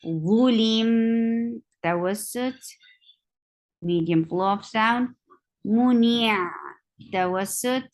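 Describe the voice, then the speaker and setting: Very slow, deliberate woman teacher. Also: on the high side, low-quality recording. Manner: slow and deliberate, repeating each word several times. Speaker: Quran recitation teacher. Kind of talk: slow tajweed lesson with drilled repetitions.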